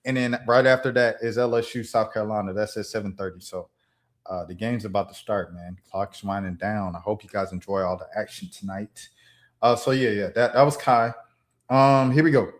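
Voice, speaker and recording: A man's voice: on the low side, fairly quick. A young man hosting a livestream, talking in a laid-back, slangy, chatty way. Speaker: streamer host. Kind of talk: casual livestream commentary.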